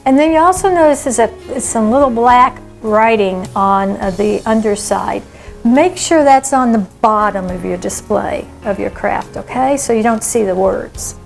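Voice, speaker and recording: A woman's voice: fairly high pitch, gravelly, poor audio. Woman giving kids craft instructions. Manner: patient, step-by-step instructing. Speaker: children's craft teacher.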